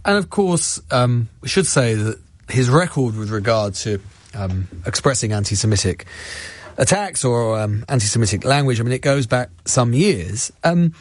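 A man's voice: medium pitch, lively intonation, normal speed. A male radio host giving earnest, argumentative commentary and interviewing a guest, with frequent restarts. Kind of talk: opinionated talk radio commentary. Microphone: studio microphone.

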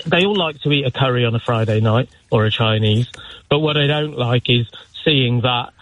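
A man's voice: mid-range voice, normal speed, a bit bright. A man in his fifties from England, calling a radio show from his car, talking earnestly with many restarts. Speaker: caller. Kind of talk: phone-in call. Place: car while driving. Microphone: phone line. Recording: tinny phone line from a car.

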